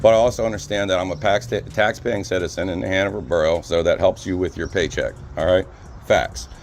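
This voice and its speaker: A man filming himself on his phone outdoors, loudly and insistently telling a police officer about a complaint. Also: low-pitched, a little fast, a little hiss or hum. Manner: loud, insistent, repeats himself. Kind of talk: heated street complaint. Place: outdoors on a city street. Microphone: phone held by speaker.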